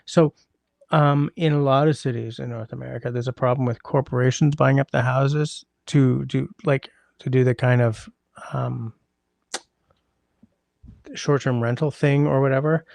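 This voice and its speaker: Reading chat on a casual livestream, a man rambles close to the mic and tosses wry asides to his viewers. His gravelly, middle-pitched voice is darkish and steady, moving at a moderate pace, with a dry, close sound and no echo.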